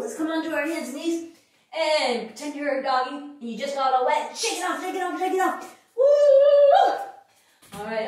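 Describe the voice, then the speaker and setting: A woman in her thirties leading a playful, sing-song yoga class for children. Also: high voice. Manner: playful and animated, singing and making animal noises. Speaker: kids yoga teacher. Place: echoey room. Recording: very echoey room, voice far from mic.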